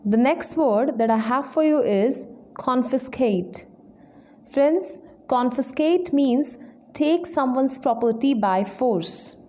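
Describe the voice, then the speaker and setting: A woman, an English trainer, slowly explaining vocabulary words one by one in a lesson. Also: high-pitched, expressive, dark tone. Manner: slow, deliberate word-by-word explanation.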